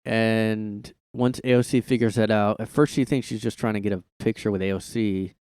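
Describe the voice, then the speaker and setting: Male podcast host, rambling rant, constant filler words, profane, smooth clear voice, dry close mic. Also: on the low side, steady tone, moderate pace, darkish tone, no echo. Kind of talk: casual solo podcast rant. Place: his room.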